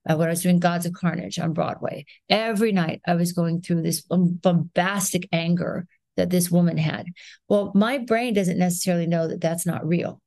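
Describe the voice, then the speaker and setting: A woman in her sixties speaks as a guest in a podcast interview, in a low voice with gravelly fry. She tells her stories in an animated way and acts out rhythms and little sounds as she goes. The recording is close and dry. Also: normal speed, dry recording. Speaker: actress, guest.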